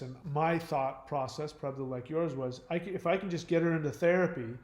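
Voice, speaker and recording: A man's voice: fairly high pitch, a little mellow, roomy sound. A man hosting a casual live talk, rambling with many fillers and restarts. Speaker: host.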